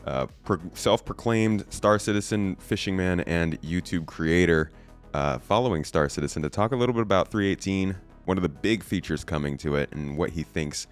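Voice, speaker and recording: A young man from California hosting a casual podcast chat, relaxed and quick to laugh. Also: low-pitched, faint music behind. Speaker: podcast host.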